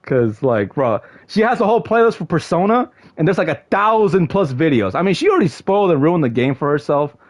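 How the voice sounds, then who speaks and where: Young streamer guy with a high, bouncy voice, slangy and excitable, prone to yelling. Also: a little fast, few pauses. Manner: excitable, shouts in mock frustration, slangy with lots of "bro". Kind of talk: casual livestream chat to viewers.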